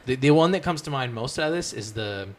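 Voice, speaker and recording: A young man co-hosting a gaming podcast, talking in an excitable way, swearing casually as he describes game modes. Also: mid-range voice, fast, slight background noise. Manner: excitable, swears, animated retelling. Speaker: podcast co-host.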